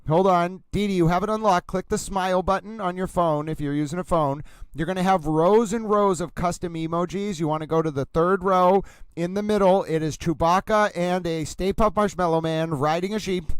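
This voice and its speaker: With a Massachusetts accent and a high, brisk, smooth voice recorded without echo, a man hosts a livestream. He rambles playfully in a mock-grand, announcer-style delivery, repeatedly calling out to "ladies and gentlemen."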